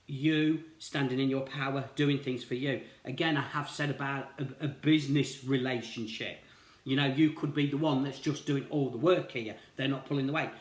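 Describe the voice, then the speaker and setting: A man at a middling pitch gives a loose, encouraging tarot reading. He circles back on his words and leans on "you know" as he reassures his listeners. The room around him rings with echo. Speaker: tarot reader. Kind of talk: casual spiritual tarot reading. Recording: roomy echo.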